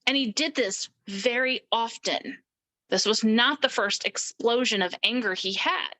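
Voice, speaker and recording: A middle-aged woman telling her personal story as an interview guest, animated and acting out the voices of people she quotes. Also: a little high, a little slow, rough recording. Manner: animated, acts out quoted speech.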